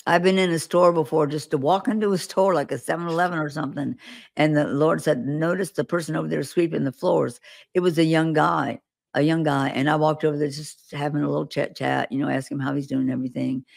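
A woman's voice: deep voice, steady tone, brisk, vocal fry, darkish tone. A woman guest on an interview show, earnestly recounting visions and stories with vivid detail. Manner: earnest, vivid storytelling with acted quotes. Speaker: guest prophetic minister.

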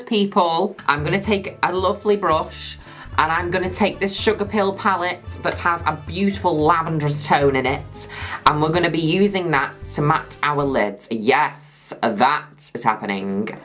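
A woman in her twenties talks through her makeup tutorial in a very low, deep voice. She is camp and theatrical, gushing over every product and addressing her viewers directly. Faint music plays underneath. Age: 20s. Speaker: makeup vlogger.

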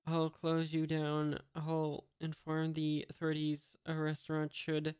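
An arrogant male navy officer, read by a man at a slow, even pace. His voice is clear and unadorned. There is no room sound. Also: a little high, dry recording, studio quality, lightly acted. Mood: haughty. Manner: flat plain reading of dialogue.

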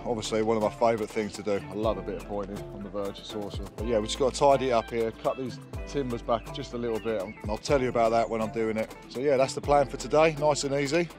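A man's voice: lowish voice, steady tone, fast, few pauses, music in the background. A man, a roofer, chatting casually outdoors on a roof and explaining each step of the job as he works, recorded on an action camera. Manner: chatty, explains while working. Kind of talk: casual work vlog.

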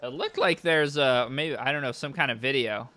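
A man's voice: mid-range voice, normal speed, sharp tone. A young man streaming, giving casual commentary that is profane, sardonic and rambling.

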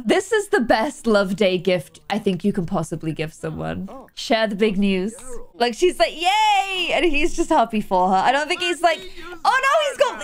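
Gaming host, female, slightly high voice, bubbly running commentary full of gasps. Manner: chatty and excitable, with gasps and exclamations. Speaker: gaming YouTuber. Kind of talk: let's play commentary.

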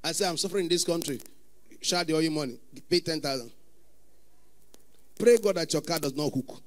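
A man with a Nigerian accent preaching a sermon as pastor, often breaking into sudden shouts. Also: a little high, fairly quick.

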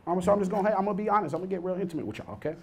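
A man in his thirties performing a stand-up comedy set, swinging between low mumbled asides and loud outbursts. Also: racing, gravelly, slightly rough. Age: 30s.

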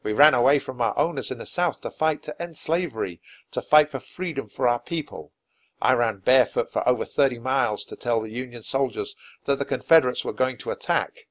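A man voicing an elderly wounded soldier in a storybook read-aloud, speaking quietly and gravely. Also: medium pitch, fairly quick, close to an everyday voice.

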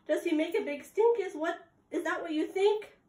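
High-voiced woman teacher reading to little kids, slow and sing-song, echoey room. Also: mellow. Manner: slow, sing-song, exaggerated gasps and prompts to children. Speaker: preschool teacher. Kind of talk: circle time read-aloud and lesson for young children.

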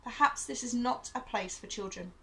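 A woman reading the part of a stern, weary father, speaking in a measured, grave way. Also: on the high side, vocal fry, fairly bright tone, poor audio.

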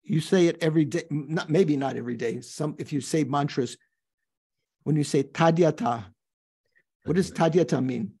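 An older man leads a class on a Buddhist text, reading passages aloud and stopping to explain them. His voice is husky and mellow, pitched a little high, and he talks in a thoughtful, halting way, often turning to ask his students questions. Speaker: Buddhist teacher.

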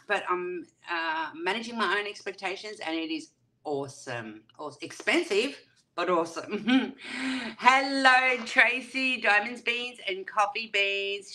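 A woman's voice: medium pitch, bright, forceful tone. An Australian woman hosting a casual livestream, chatting and greeting viewers by name with pet names. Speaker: livestream host. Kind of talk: casual livestream chat reading viewer comments.

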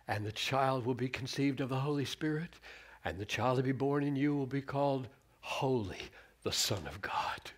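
A middle-aged man delivering a sermon at a slow, deliberate pace. He teaches earnestly from scripture, and his voice lifts and drops as he quotes verses with emphasis. His pitch sits in an ordinary middle range. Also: husky. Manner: earnest and animated, quoting scripture with shifts in emphasis. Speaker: preacher.

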